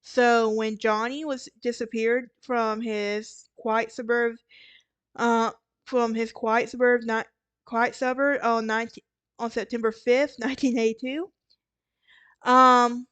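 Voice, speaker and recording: A woman's voice: on the high side, little pitch movement, slow, fairly bright tone, clear, resonant tone, dry recording, lo-fi sound. Tired Southern woman podcasting true crime. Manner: rambling, frequent restarts and self-corrections. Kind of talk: casual true crime narration.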